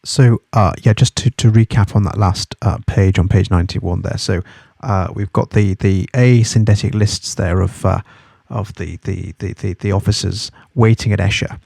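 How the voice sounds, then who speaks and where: A man teaching as he explains a novel for a study guide, halting and thorough, spelling terms out. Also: lowish voice, fairly even intonation, gravelly, a little mellow, no echo.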